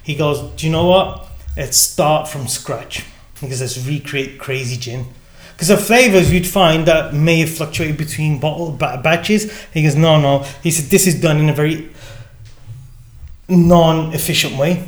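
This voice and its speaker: A man, a gin distillery founder, telling a lively story in conversation and acting out the dialogue. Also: moderate pace. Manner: acts out quoted dialogue with changing pitch. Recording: echoey room.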